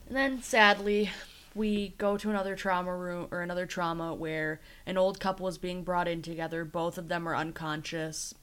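Woman, low-pitched, casual podcast recap, chatty storyteller. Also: fairly even intonation, normal speed, fairly bright tone, clear, resonant tone. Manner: chatty storytelling, acting out quotes. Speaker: podcast co-host recapping a TV episode. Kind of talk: casual chat.

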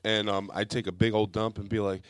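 A young man casually telling a childhood story to friends on a podcast, animated and laughing through the punchlines. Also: lowish voice, fairly quick, no echo, studio quality.

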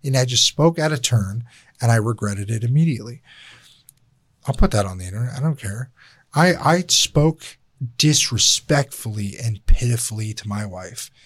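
A man's voice: medium pitch, expressive, moderate pace, a bit bright, slightly rough, dry recording, studio quality. A man hosting a casual podcast chat, talking bluntly and candidly with plenty of swearing. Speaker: podcast host.

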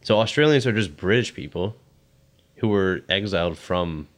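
Young male co-host, lowish voice, loose profane banter, casual podcast chat. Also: animated, normal speed. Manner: loose, swearing banter with frequent laughs.

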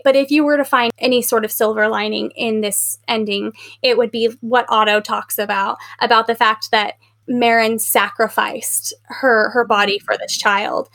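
Chatty, animated woman podcast host. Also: fairly high pitch. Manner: chatty, filler-heavy, animated retelling with acted quotes. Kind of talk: casual book discussion.

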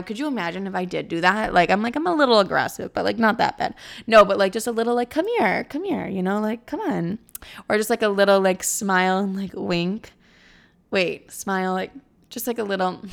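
A woman's voice: medium pitch, a bit bright. Brash, cocky young woman, swearing freely. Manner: brash, cocky, profane, lots of "like". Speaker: vlogger giving dating advice. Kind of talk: casual chat to camera. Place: apartment at home.

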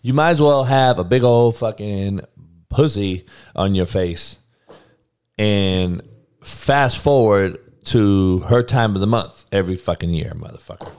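A man's voice: lowish voice, unhurried, a little mellow, clean tone. A man ranting bluntly and profanely in casual talk, laughing between heated points.

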